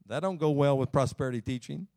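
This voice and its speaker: A man preaching a sermon in church, folksy, climbing loud and then slowing down low to read scripture. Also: gravelly, no room sound, clean studio sound. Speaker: pastor.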